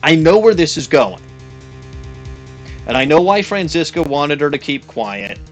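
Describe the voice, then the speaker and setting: A man's voice: a little high, big pitch swings, measured pace, faint music behind. A man giving casual, brash and profane commentary while playing a game. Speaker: let's play host.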